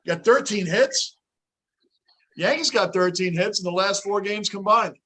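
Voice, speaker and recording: A New man hosts a live baseball watch-along with a fairly high voice. He talks in an animated way, and he shouts when the game swings. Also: normal speed. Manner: animated, yells with excitement at big plays. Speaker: host.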